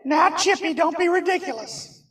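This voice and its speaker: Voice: very high-pitched, expressive, moderate pace, a bit bright, distant mic. A puppeteer voicing a boastful young male monkey puppet in a church skit, showing off his silly ventriloquism act. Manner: show-off, silly, proud of himself. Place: church sanctuary.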